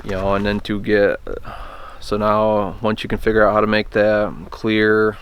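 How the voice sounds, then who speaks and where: A man's voice: fairly low pitch, completely flat delivery, measured pace, smooth, dull audio. A man casually teaching a hands-on technique, plainspoken and hesitant, often restarting his sentences. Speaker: turkey call instructor. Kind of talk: casual how-to demonstration.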